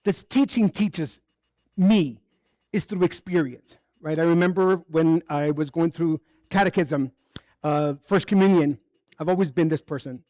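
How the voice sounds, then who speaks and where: A man's voice: on the high side, unhurried, warm tone, dry recording, studio quality. A man giving a candid, conversational sermon built on personal stories at a spiritual center service, acting out the dialogue as he goes. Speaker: spiritual speaker.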